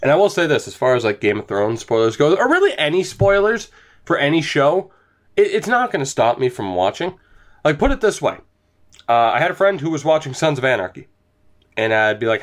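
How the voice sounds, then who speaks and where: Brief: young male gamer, animated swings in pitch, sweary and hyped play-by-play commentary. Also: a little fast. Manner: excitable, swears, rants then talks softly to his dog. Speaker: gaming YouTuber.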